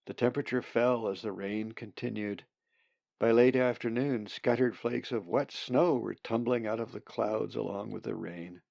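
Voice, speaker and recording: A man narrating a story in a calm, measured way. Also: medium pitch, vocal fry, dry recording, highs cut off. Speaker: audiobook narrator. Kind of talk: scripted narration.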